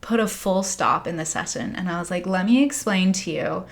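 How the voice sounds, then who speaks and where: A young American woman, a spiritual coach, talking in a candid, rambling monologue full of "like" and soft laughs. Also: on the low side, normal speed, vocal fry. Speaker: spiritual coach and podcast host. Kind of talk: casual confessional monologue.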